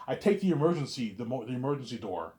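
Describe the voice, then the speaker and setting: A man's voice: mid-range voice, big pitch swings, fast talker, warm tone. A man casually telling a long story to the camera in a rambling way, repeating "he's like" and "you know what I'm saying". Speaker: vlogger.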